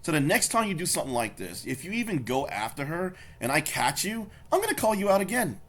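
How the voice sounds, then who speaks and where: A man's voice: a little high, sing-song, fast, fairly bright tone. A man doing angry reaction commentary, confrontational and swearing, repeating his points over and over. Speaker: YouTube commentator.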